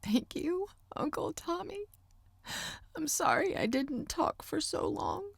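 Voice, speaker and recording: A woman narrator voicing a shy, tearful young woman artist in an audiobook, speaking in a halting, strained way. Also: high voice, sing-song, creaky, no echo, clean studio sound, voice pushed up, heavily acted. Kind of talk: audiobook character voice.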